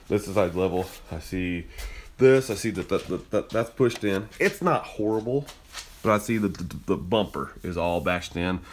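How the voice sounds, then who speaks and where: A man with a fairly low voice tells a story in a loose, rambling monologue, restarting sentences and turning emphatic when he gets worked up. It sounds like a casual podcast recording, with faint background noise. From Utah, US. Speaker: podcast host. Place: garage and car, indoors and out.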